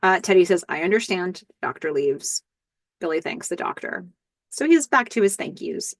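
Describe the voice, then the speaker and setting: Hosting a casual recap podcast, a chatty woman with a slightly low, sing-song voice moves through each scene step by step at normal speed, adding small fillers. The audio is dry and close, with no room sound.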